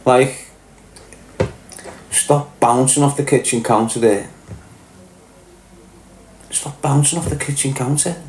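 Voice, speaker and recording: A Liverpool-accented livestream host takes it slowly with long pauses, his medium-pitched, darkish voice fairly even. He swears and talks bluntly while reading chat in a casual rant, with slight background noise and a roomy echo.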